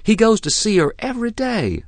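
A man's voice: high-pitched, wildly swooping pitch, brisk, dry recording, voice pushed up, exaggerated voice. A man voicing a cheeky younger farm boy who tattles and teases. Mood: bratty. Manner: bratty teasing.

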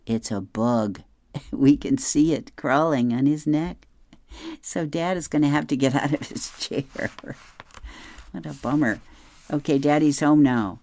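Slow, dry man reading the comics. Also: on the high side, darkish tone, no echo. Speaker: reader of advice column and comics. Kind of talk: reading newspaper comics aloud.

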